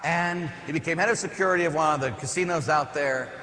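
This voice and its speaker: A man's voice: a little high, fast, pushed and bright, a little hiss or hum. A man, a parish priest, giving a homily as conversational storytelling with rhetorical questions and asides. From Pittsburgh area. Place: church. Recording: echoey church hall, faint ambience.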